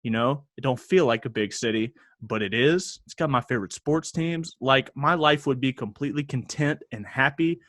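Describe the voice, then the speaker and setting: Young guy on a podcast, chill, kinda rambly, mid pitch, dry close sound. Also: normal speed, hardly any pauses, dry recording. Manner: relaxed, thinks aloud with restarts. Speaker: podcast co-host. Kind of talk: casual chat.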